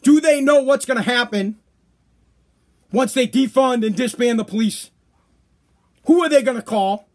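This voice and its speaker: A man hosting a podcast, ranting casually and sarcastically with lots of swearing, his voice tired and worn out. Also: very high voice. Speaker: podcast host. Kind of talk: casual profane monologue.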